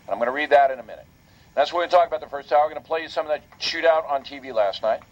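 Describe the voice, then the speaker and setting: A man's voice: on the high side, racing. A man hosting a talk radio show, delivering a heated, indignant monologue that repeats points for emphasis. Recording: lo-fi radio broadcast.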